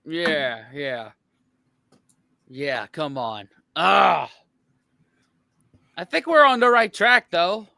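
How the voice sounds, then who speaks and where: An American man reacting casually to a quiz clip, with drawn out, excitable comments. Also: a little high, very slow, vocal fry, pauses often, no echo, studio quality. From United States. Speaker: video reactor. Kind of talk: casual chat.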